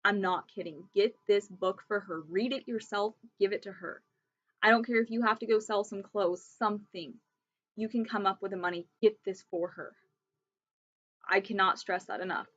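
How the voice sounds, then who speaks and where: A woman's voice: mid-range voice, steady tone, moderate pace, a bit bright, muffled recording. Earnest, pleading young woman vlogging. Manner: pleading, emphatic, emotional. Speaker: vlogger sharing pregnancy illness resources. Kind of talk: earnest direct-to-camera vlog talk.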